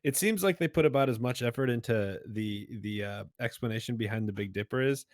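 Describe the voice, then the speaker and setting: A man co-hosting a casual podcast, his voice at a mid pitch and recorded dry and close. He rambles loosely, leans on filler words and laughs easily. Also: a little fast, no echo. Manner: chatty, hedging with "like" and "you know", laughs along. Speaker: podcast co-host. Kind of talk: casual chat.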